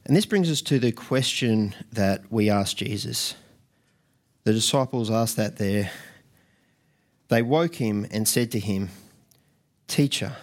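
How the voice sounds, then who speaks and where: A man's voice: fairly low pitch, slow, long pauses. Earnest man preaching a sermon. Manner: earnest, with frequent restarts and repeated words.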